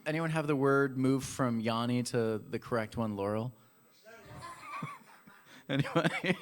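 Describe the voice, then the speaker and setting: A man preaching a casual, playful sermon in a church, talking straight to the congregation. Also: medium pitch. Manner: playful, chatty, addresses the congregation directly. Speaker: pastor. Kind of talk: casual sermon with audience games. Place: church hall.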